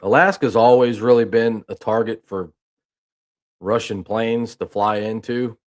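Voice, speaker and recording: A man's voice: fairly low pitch, a little slow. A man hosting a news talk stream, telling a rambling folksy story and reading news aloud in a casual way. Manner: rambling, folksy, with restarts and "I mean".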